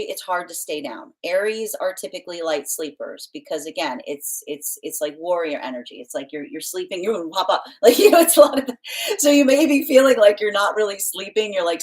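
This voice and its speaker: A woman's voice: lowish voice, low-quality recording. A woman hosting a live tarot reading stream, chatting casually, reading out viewer comments and laughing often, sometimes playfully stern and motherly. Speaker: tarot reader hosting a livestream. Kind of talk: casual livestream chat.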